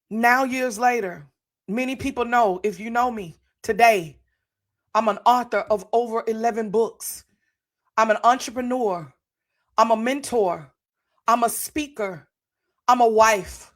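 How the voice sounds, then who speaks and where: Fervent woman giving a preacher-like testimony. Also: fairly high pitch. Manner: fervent, preacher-like, repeats phrases. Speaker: podcast host. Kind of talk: motivational testimony to live viewers.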